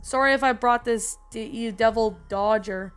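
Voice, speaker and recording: A woman voicing a rude, streetwise boy who talks loud and brash. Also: on the high side, normal speed, smooth, faint music behind, natural voice. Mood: sheepish.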